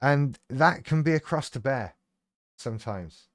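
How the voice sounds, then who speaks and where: A man's voice: medium pitch, expressive, a little slow, no room sound, clean studio sound. A man hosting a live stream, chatting casually in a rambling, irreverent, sweary way and reacting to viewers' comments.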